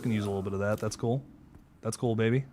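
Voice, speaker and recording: A man hosting a horror game let's play, talking to viewers as he plays, jumpy and excitable, swearing when startled. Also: on the low side, fast, noisy background. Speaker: gaming channel host.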